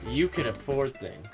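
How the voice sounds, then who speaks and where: A young man, co-hosting a casual podcast chat, teasing and laughing easily. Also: medium pitch. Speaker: podcast co-host. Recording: music playing behind. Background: music.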